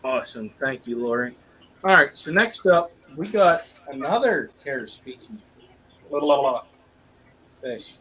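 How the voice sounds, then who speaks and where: A man's voice: medium pitch, expressive, unhurried, pushed and bright, a little hiss or hum, rough recording. A man hosting a casual live-stream fish auction, upbeat and loose, talking straight to his viewers. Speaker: auction host.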